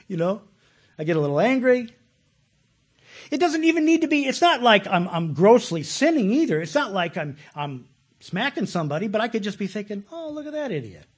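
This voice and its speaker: A man preaching a conversational sermon, animated and laughing often, repeating words as he starts sentences. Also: high voice, normal speed, pauses often, breathy edge. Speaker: pastor.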